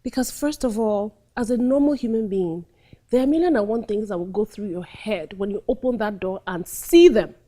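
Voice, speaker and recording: A woman acting coach talking through a scene, acting out lines and dropping to hushed tones. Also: medium pitch, moderate pace. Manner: animated, acts out scenes, drops to hushed tones. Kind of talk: teaching monologue with acted examples.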